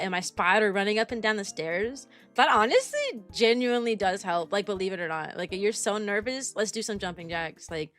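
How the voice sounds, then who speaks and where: A woman's voice: medium pitch, fairly bright tone. A young woman, a kindergarten teacher, chatting casually on a livestream and rambling with lots of fillers. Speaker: kindergarten teacher and VTuber streamer.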